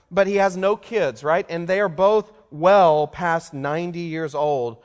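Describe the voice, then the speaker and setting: A man's voice: on the high side, measured pace, hardly any pauses. A man preaching a sermon in a conversational way, turning to the congregation with questions as he explains scripture. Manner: conversational, asks the listeners questions. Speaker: pastor. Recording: long hall reverb.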